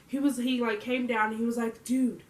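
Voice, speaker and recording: A woman's voice: on the high side, flat delivery, fairly quick, far from the mic. A young adult woman vlogging, telling a story to camera in a casual, slangy way and laughing often. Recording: roomy echo.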